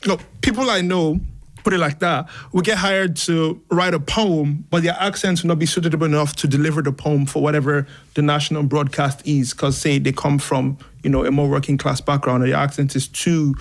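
A man's voice: a little high, flat delivery, fairly quick. A young man from Nigeria, a writer and artist, talking loosely and reflectively in casual conversation as a guest. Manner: loose, filler-heavy, reflective.

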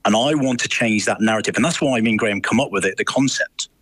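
A man's voice: on the low side, fast talker, fairly bright tone, dry recording, rough recording. A man speaking as a radio interview guest by phone, earnest and emphatic, often restarting his sentences. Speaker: guest, awards co-founder. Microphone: phone line.

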